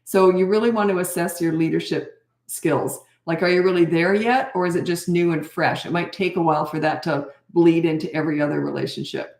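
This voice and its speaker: A woman's voice: fairly low pitch, steady tone, brisk, darkish tone, echoey room. A woman in her sixties, a parenting coach, answering viewer questions in a candid, chatty live Q&A. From Canada. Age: 60s. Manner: candid, chatty, self-deprecating. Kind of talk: live Q&A chat.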